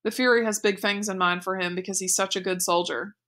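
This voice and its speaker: A woman's voice: medium pitch, steady tone, brisk, fairly bright tone, lightly acted. Woman voicing eager young boy Bruno. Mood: insistent.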